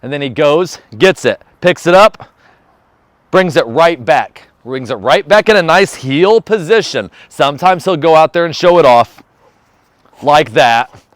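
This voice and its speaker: Chatty male vlogger, upbeat, firm dog commands, fairly high, dry close sound. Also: expressive, unhurried, dry recording. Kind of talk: casual how-to vlog. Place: outdoors training a dog.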